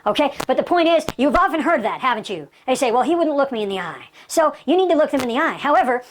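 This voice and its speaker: Animated high-voiced woman coaching sales. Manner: emphatic, drills with rhetorical questions; tells personal anecdotes, laughs now and then. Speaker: sales trainer.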